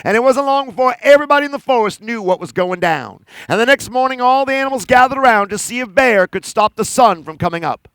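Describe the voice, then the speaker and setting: A man telling a folk tale to children at a live outdoor event, lively and talking straight to his audience. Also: extremely high pitch, fast, few pauses, clean tone, no echo. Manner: animated, talks straight to the audience. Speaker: storyteller. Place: outdoor park celebration.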